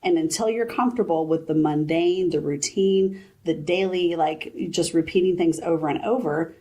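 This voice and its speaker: A woman in her forties, a business founder, chatting in an interview and retelling advice in lively quoted voices. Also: on the low side, normal speed. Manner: animated storyteller, quotes her mother. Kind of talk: casual interview chat.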